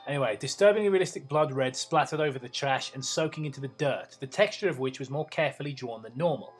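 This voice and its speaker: A man's voice: medium pitch, fast, faint music behind. A man reading a story aloud for laughs, stumbling over words and breaking off for sarcastic asides. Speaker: reader and host. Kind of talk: comedic reading with banter.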